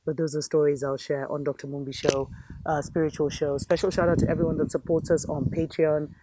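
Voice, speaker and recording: A woman's voice: low voice, flat delivery, a little fast, noisy background. A woman host giving an impassioned spiritual commentary monologue, fervent and preachy, calling her viewers family.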